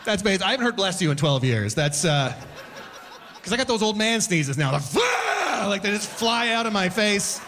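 A man in his forties doing a stand-up comedy set, with a high voice that leaps up and down his range. He talks in an animated way and keeps jumping into loud, shouted voices for his bits. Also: moderate pace.

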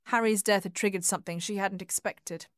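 A woman reading a novel aloud as audiobook narrator, measured and even. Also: mid-range voice, dry recording, studio quality. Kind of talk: scripted narration.

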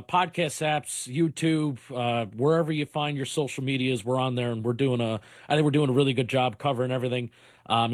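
Relaxed man with a dry sound. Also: mid-range voice, no echo. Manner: relaxed plug, filler-heavy. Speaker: podcast co-host guest. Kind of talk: sports talk podcast.

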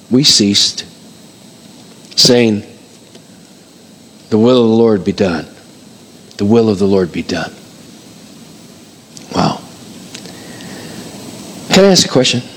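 A middle-aged man preaching a sermon as pastor, calling out to his congregation in an animated way. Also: medium pitch. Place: church hall before a congregation.

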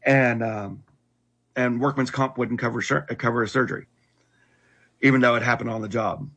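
Husky man telling a halting life story. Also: mid-range voice, steady tone, a bit bright. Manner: earnest, halting with frequent restarts. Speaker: guest telling his testimony. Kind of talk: personal storytelling in conversation.

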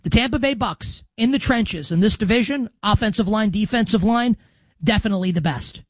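A man in his thirties hosting a football predictions show, brash and animated, swinging from loud to soft for emphasis. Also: high-pitched, fairly quick, dry recording. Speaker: sports radio host.

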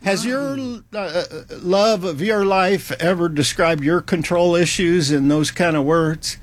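A man hosting a talk show in a high voice, taking his time over each remark. He is wry and teasing and often slips into a chuckle, recorded dry and close. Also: a little slow, dry recording. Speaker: host.

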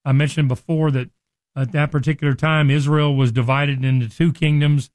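A man's voice: on the high side, fairly even intonation, normal speed, a little mellow, no echo. A man teaching a Bible lesson in a conversational sermon style, often restarting and acting out quoted speech.

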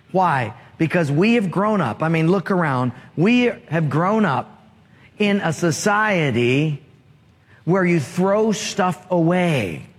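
A man preaching a sermon, telling humorous stories and prompting the congregation to answer. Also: high-pitched. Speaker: pastor. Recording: long hall reverb.

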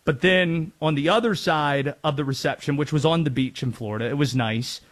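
Man, sports talk host, casual, animated, slightly high voice. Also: brisk. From North Carolina. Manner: animated, jokey, quotes and impressions.

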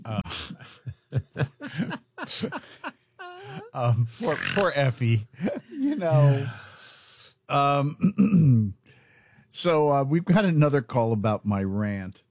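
Animated, emphatic male radio host. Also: mid-range voice, drawn-out words, long pauses, breathy edge, dry recording, clean studio sound. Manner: emphatic ranting with many fillers. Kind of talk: casual talk radio chat.

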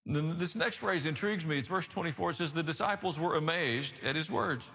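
Male preacher, sermon, emphatic animated storytelling, tense bright voice, long hall echo. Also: fairly high pitch, a little fast.

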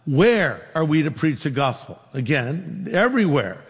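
A man pastor preaching a sermon, telling a story with lively quoted dialogue. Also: fairly high pitch, a little slow, slightly rough, long reverb tail.

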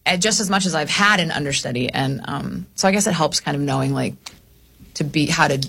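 Bright-voiced woman, a chatty stage actress. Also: deep voice, fairly quick, gravelly, husky. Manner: laughs easily, chatty and upbeat. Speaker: guest, musical theater actress. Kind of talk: casual chat.

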